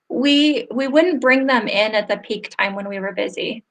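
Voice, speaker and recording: Heard through a video call, this host of a live online interview has a slightly high voice and a moderate pace with few pauses. Her storytelling is sincere and heartfelt, becoming more emotional.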